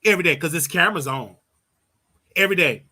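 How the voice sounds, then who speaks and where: Blunt high-voiced man ranting advice. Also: fast, sharp tone, slightly rough. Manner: blunt, preachy, repeats his points for emphasis. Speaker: show host. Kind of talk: casual advice rant.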